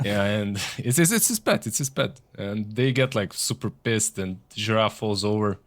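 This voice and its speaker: A man's voice: on the low side, steady tone, moderate pace. A man co-casting an esports stream, bantering and laughing with his partner. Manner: laughs often, playful banter. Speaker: esports co-caster. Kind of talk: casual stream chat.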